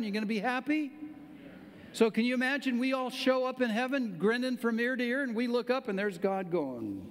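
A man's voice: very high-pitched, long reverb tail. An older man, a pastor, preaching a sermon in a conversational, emphatic way with questions to the congregation. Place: church sanctuary.

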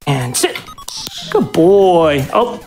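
A man runs a live speedrun alongside his dog, giving doting, coaxing commands and explaining the game between them. His pitch swoops widely, rising and falling from word to word. Faint music plays behind him. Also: very animated, extremely slow, a little mellow. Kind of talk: live marathon speedrun talk.

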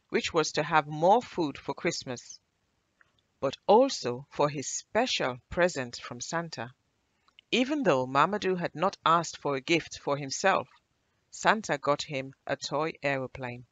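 Brief: woman storyteller, animated children's read-aloud, dry close mic. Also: deep voice, unhurried, dry recording. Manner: expressive, animated storybook reading.

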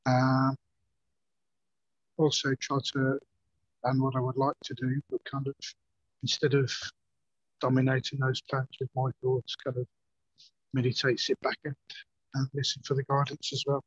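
A slightly hoarse man speaks in a flat, even voice, hesitating and restarting as he shares a reflection. The call audio sounds dull and lo-fi, with a very dry sound. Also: mid-range voice, no room sound. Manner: halting, many fillers and restarts, earnest. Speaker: course participant. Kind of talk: personal sharing.

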